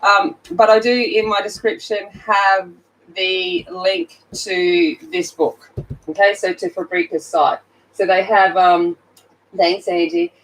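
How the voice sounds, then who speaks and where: This livestream host is a sleepy Australian woman, freshly woken, colouring while she chats with viewers and greets them by name over her phone. She has a medium-pitched, steady voice and speaks slowly; the low-quality recording carries a little hiss or hum.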